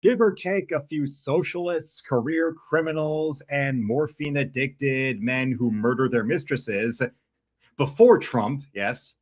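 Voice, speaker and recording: A man's voice: mid-range voice, slow. A man hosting a live stream, giving blunt, sardonic commentary. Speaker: streamer host.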